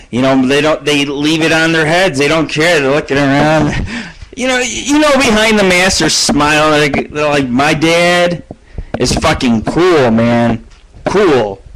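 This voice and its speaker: Profane, rambling middle-aged male radio host. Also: on the high side. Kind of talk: solo live radio monologue. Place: at home. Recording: faint background noise.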